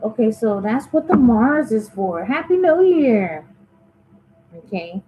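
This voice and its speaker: A woman's voice: on the high side, expressive, takes it slowly, narrow, tinny audio, faint music behind. A woman giving a casual tarot reading to her viewers, talking straight to them and musing aloud as she asks spirit questions. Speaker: tarot reader.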